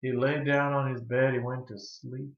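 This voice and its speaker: A man telling a folk tale, drawling and dramatic, with hushed pauses. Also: medium pitch, little pitch movement. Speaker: storyteller. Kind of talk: folksy storytelling. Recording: roomy, slightly dull recording.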